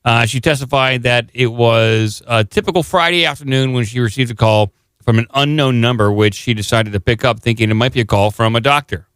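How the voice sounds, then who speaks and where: A man on a podcast reads a news article aloud and breaks in with dry, sarcastic comments. His voice is smooth and resonant. It sounds close and dry on a studio microphone. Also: mid-range voice, brisk, fairly bright tone, no echo. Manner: sarcastic, jokey asides. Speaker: podcast co-host. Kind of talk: casual chat, reading a news article aloud.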